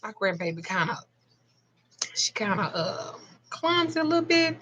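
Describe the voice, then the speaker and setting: A woman's voice: medium pitch, big pitch swings, normal speed, a bit bright, poor audio. A woman in her forties with a Southern US accent, chatting casually and bluntly at home about a simple ritual. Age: 40s. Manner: chatty, blunt, swears freely. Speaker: spiritual practitioner. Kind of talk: casual vlog chat.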